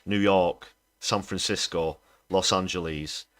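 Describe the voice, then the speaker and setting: A man's voice: low-pitched, fairly even intonation, takes it slowly, a bit bright. A man hosting a political livestream, ranting indignantly against politicians. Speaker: livestream host. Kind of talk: political commentary.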